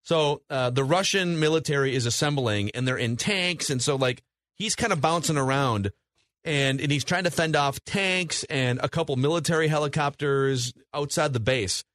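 A man co-hosting a casual movie podcast, retelling scenes in long animated stretches. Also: a little high, moderate pace, dry recording. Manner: animated storytelling, recaps scenes at length. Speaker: podcast co-host. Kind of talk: casual movie review chat.

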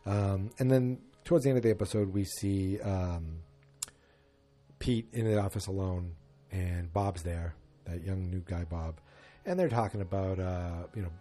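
A man's voice: low-pitched, unhurried, dark tone, soft background music. A man casually recapping a TV episode, rambling and correcting himself as he goes. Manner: rambling, self-correcting, many fillers.

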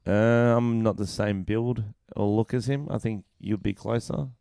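Giggly young man, smooth dry voice. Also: fairly low pitch, steady tone, measured pace, dark tone, no room sound. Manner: rambling, giggly, loose storytelling. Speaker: podcast co-host. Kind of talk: casual chat.

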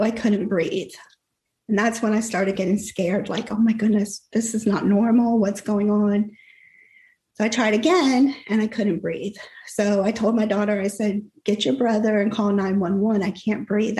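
A woman's voice: medium pitch, mellow. Emotional middle-aged woman, echoey room. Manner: earnest, emotional retelling with quoted inner thoughts. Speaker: guest telling her story. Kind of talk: personal testimony in an interview.

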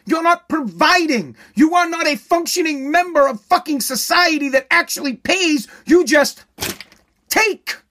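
A man's voice: extremely high pitch, animated, unhurried, pushed and bright, a little hiss or hum. A man ranting in a profane, sarcastic, indignant way. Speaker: ranter. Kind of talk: profane comedic rant.

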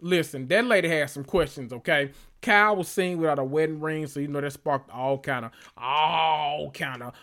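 A man with a slightly higher voice hosts a casual reality TV recap podcast. He talks in an animated, slangy way and piles on exasperated asides as he tells his stories. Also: moderate pace. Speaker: podcast host.

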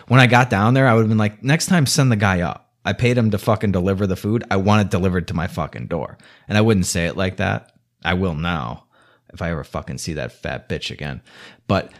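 An irritated man tells his grievance as a long, profanity-laced rant. His voice sits at an ordinary middle pitch, and his delivery turns sarcastic and exasperated as he vents. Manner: angry, heavy swearing, sarcastic.

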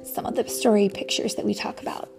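A young mother reading a bedtime story to her child in a sing-song way, dropping into soft whispers. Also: fast, over music.

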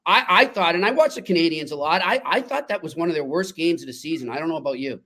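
A man co-hosting a sports podcast, telling stories in a chatty, lively way. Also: fairly high pitch, quick pace. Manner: chatty storyteller, lively and laughing. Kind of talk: casual sports talk.

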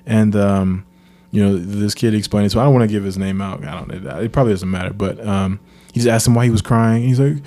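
A man, co-hosting a podcast and telling a childhood story in a casual, animated way. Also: fairly low pitch, fast. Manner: animated storyteller, acts out quoted voices. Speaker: podcast co-host.

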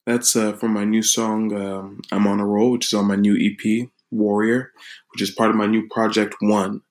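A man's voice: lowish voice, level tone, moderate pace, low-quality recording. A man hosting his own channel, talking in a loose, rambling and reflective way in a casual live-streamed vlog from his room at home.

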